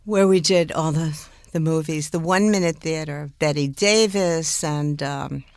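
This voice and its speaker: An older woman, a guest impressionist, telling animated stories in an interview, laughing and demonstrating speech sounds. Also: deep voice, measured pace, dry recording. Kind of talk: anecdotal interview storytelling.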